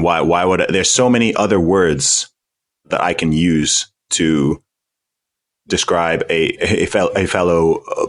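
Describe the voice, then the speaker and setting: Man, British accent, very deep voice, podcast interview guest, blunt, emphatic, repeats himself for stress. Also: fairly bright tone. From United Kingdom. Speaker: guest, independent rapper.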